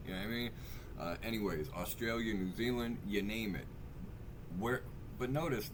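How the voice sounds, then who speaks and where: A man's voice: lowish voice, noisy background. An American man hosting a reaction video, talking casually in rambling, profane asides that keep interrupting themselves. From United States.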